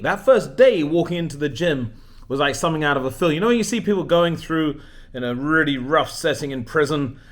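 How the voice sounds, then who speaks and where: A man in his forties chats at a middle pitch about himself, rambling and cheerfully poking fun at himself. He keeps restarting his sentences as he goes, in an easy personal vlog tone. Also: a bit bright. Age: 40s. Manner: chatty, self-deprecating, rambling with restarts. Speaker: leadership coach.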